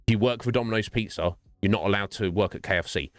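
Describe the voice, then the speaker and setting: A man's voice: lowish voice, fast talker, no room sound, faint music behind. A man streaming a game, chatting casually in a rambling way and laughing often. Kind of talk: casual livestream chat.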